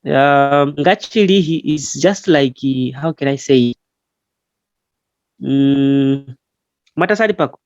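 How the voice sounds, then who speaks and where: A man from Zambia teaching a language in an online class, explaining slowly and patiently with frequent fillers. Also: mid-range voice, no room sound. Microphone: online call. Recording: muffled online call audio.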